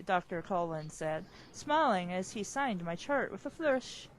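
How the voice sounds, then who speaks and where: A woman's voice: lowish voice, big pitch swings, unhurried. A woman reading a book aloud with friends, adding chatty, sarcastic asides. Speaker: reader. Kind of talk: casual group reading.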